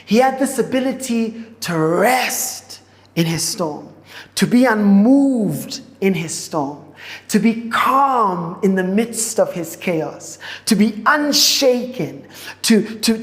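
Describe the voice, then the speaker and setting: A woman pastor preaching a sermon in a church auditorium. She speaks in slow, repeated phrases and often restarts her sentences. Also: mid-range voice. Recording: echoey hall with long reverb.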